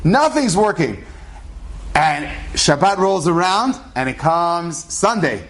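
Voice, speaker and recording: A man's voice: a little high, sing-song, slow, a bit bright. A man telling a true story in a casual, conversational way, acting out the dialogue of the people in it. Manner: conversational, acts out quoted dialogue.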